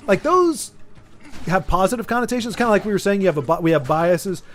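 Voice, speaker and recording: High-voiced rambling American streamer. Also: male voice. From United States. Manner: rambling, chatty, lots of restarts, reads chat aloud. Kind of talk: casual chat while gaming.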